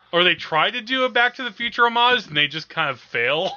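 Chatty, bright-voiced male podcast host. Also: sits high, expressive, normal speed, highs cut off. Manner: chatty, laughs often, hesitant fillers. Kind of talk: casual chat about films.

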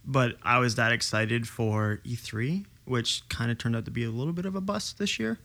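A man co-hosting a casual podcast chat, bantering in a relaxed, wry way. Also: medium pitch, moderate pace. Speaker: podcast co-host.

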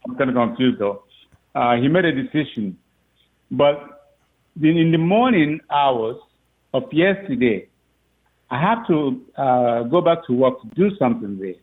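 Animated father on a tinny phone line. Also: mid-range voice, unhurried. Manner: animated storyteller, laughs often, acts out quotes. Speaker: father of a recruit. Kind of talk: phone interview.

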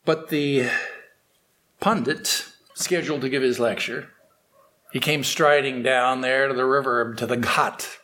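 A man telling a story aloud, unscripted, with restarts and slowed dramatic pacing. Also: medium pitch, steady tone, pushed and bright. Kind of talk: oral storytelling.

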